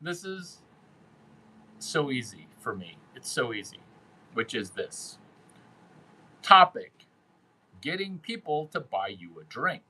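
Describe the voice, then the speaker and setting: A man's voice: mid-range voice, very animated, slow pace, pauses often, sharp tone, husky, low-quality recording. A man hosting a casual monologue, brash and crude, who repeats phrases for emphasis. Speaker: host giving dating and sales advice.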